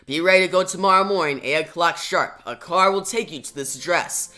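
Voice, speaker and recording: A reviewer reading out a calm, kind grown male hero from a comic, a little lower and softer than their own talk. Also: fairly quick, close to an everyday voice. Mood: earnest.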